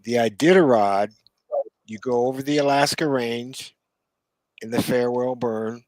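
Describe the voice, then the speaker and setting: A man co-hosts a relaxed podcast conversation, spinning unhurried stories full of asides and little chuckles. His voice sits in a middle register, and the sound is close and dry with no room echo. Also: mid-range voice. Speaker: co-host. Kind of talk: casual podcast chat.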